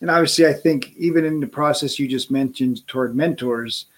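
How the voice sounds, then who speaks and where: A man's voice: medium pitch, a little fast. A man hosting an interview, asking questions in an affirming, easygoing way and laughing easily. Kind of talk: conversational interview.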